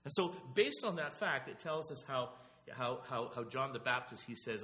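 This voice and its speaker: A man's voice: mid-range voice, animated, normal speed, hardly any pauses, sharp tone. A man preaching a sermon to his church in a conversational way, often repeating words and restarting sentences. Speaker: pastor.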